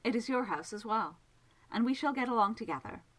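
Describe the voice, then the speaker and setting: A woman's voice: on the high side, lively intonation, brisk, pitched above the performer's own voice, poor audio. A woman as a teasing, amused lady ghost. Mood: reassuring. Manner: warm, teasing, gently amused. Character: graceful, amused female ghost.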